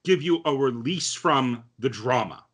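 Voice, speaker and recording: A man co-hosting a casual podcast, recapping an anime with lots of ums and quick acted-out quotes. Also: mid-range voice, lively intonation, fairly bright tone. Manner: chatty, many fillers, acts out quotes. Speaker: podcast co-host. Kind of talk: casual anime review chat.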